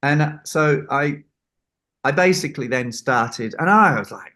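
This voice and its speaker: A man's voice: mid-range voice, lively intonation, normal speed, a bit bright. A man, a record producer, telling a story in an interview and acting out the people he quotes. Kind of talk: anecdote in an interview.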